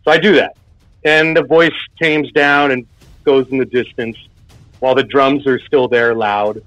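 A man's voice: medium pitch, steady tone, measured pace, fairly bright tone, no echo. A man telling a personal spooky story in a casual, rambling way, full of filler words. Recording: dull lo-fi sound with faint music.

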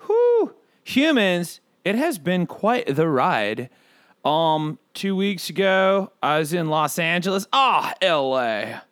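A man playing a brash, excitable bird who hosts a comedy podcast, rambling through profane, pun-filled stories. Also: high voice, slow, clean tone, no room sound, clean studio sound, exaggerated voice. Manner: rambling, profane, punning, riffs on asides. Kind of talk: comedic character monologue.

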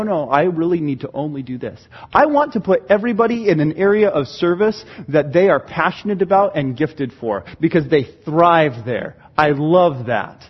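A man preaching a sermon as pastor, animated, acting out church members' voices. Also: on the high side, husky, muffled recording.

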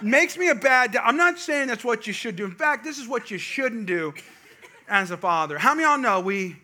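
Bright, high-pitched man preaching. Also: brisk. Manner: animated storytelling, builds to loud emphatic peaks. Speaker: pastor. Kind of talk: sermon with personal story.

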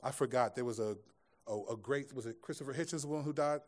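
A man with a mid-range voice speaks at a quick pace. He's a pastor preaching to a live congregation in a church room, keeping it conversational and weaving scripture together with jokes and asides.

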